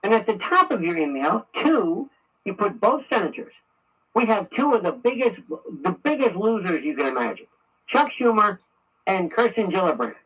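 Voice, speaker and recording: A man's voice: high voice, big pitch swings, normal speed, breathy edge, recorded from a distance. A man hosting a political talk radio show, ranting angrily and repeating himself. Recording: muffled radio audio from afar.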